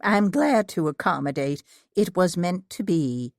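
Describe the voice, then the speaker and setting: A woman voicing a polite, gently cheerful middle-aged woman who runs a bed and breakfast. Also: fairly low pitch, animated, measured pace, no echo, studio quality. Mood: gracious. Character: gracious middle-aged woman innkeeper, modest.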